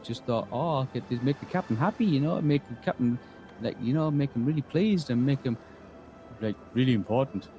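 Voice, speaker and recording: A man acting as game master tells an in-character story, rambling, restarting often and acting out quoted lines. His mid-range voice is mellow, but the audio quality is poor.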